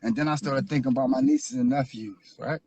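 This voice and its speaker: A man's voice: mid-range voice, steady tone, brisk, darkish tone, husky, no echo. A man from Philadelphia telling his life story as an interview guest, earnest and repetitive, building into preaching. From Philadelphia, USA. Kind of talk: emotional personal testimony.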